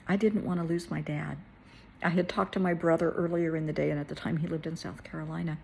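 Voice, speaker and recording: A middle-aged woman, a therapist, telling a personal story in a soft, tearful way that at times falls to a whisper. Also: sits low, fairly even intonation, fast talker, vocal fry, a little hiss or hum. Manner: tearful, soft-spoken, drops to a whisper at moments.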